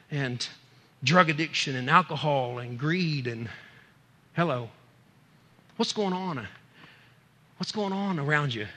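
Male pastor, fervent sermon, very bright sharp tone, long church reverb. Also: on the high side. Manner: fervent preaching, swinging from loud to hushed.

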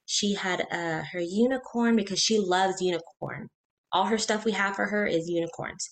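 Earnest woman telling a personal story. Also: mid-range voice. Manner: earnest, halting, with many restarts and quoted speech. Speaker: interview guest.

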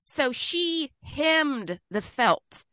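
A woman from Mississippi, co-hosting a podcast and telling a story in a chatty, animated way. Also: high voice, extremely slow, no room sound. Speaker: podcast co-host. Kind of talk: casual chat.

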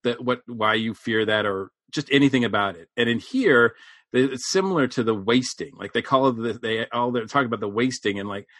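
A man's voice: mid-range voice, brisk, fairly bright tone, no room sound. A man in a casual podcast chat, talking in a meandering, easygoing way. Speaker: podcast co-host.

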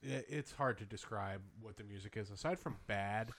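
A man's voice: on the low side, normal speed, a bit bright. A man who is a guest on a casual podcast, giving wry, dry commentary. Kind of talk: casual chat.

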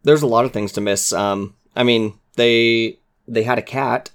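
A man in casual podcast chat, talking earnestly about a game with fillers and soft asides. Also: medium pitch, steady tone, measured pace, clear, resonant tone. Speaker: podcast co-host.

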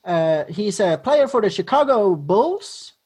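A woman hosting a casual podcast chat, playful and quick to laugh. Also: mid-range voice, sing-song, a little mellow, slightly rough. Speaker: podcast host.

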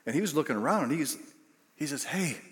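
A middle-aged male pastor delivers a sermon, telling stories against himself and voicing the people in them. His voice sits a bit high for a man. A long reverb trails his words around the large church hall. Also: expressive, quick pace. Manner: self-deprecating storytelling with acted quotes.

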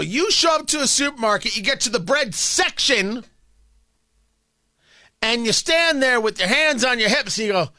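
A man's voice: extremely high pitch, expressive, moderate pace, sharp tone, no echo, studio quality. A male talk radio host delivering a sarcastic, ranting opinion monologue.

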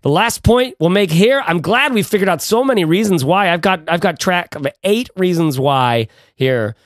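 A man hosting a podcast in casual chat, animated and rambling with restarts. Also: high voice, normal speed, no echo, clean studio sound. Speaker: podcast host.

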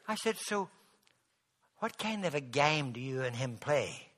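A man preaching a sermon, moving from quiet storytelling to loud, emphatic exhortation. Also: mid-range voice, sing-song, a little slow.

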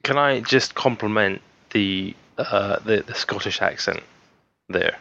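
A man talks at length on a podcast, sure of his views. His voice sits low but sounds bright. The recording is a little dull. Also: slow pace, creaky. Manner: rambling, opinionated. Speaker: podcast co-host. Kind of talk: casual chat.

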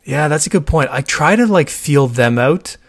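A man co-hosting a casual chat, animated and talkative, acting out quoted voices in his stories. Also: a little high, normal speed, dry recording, studio quality. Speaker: podcast co-host.

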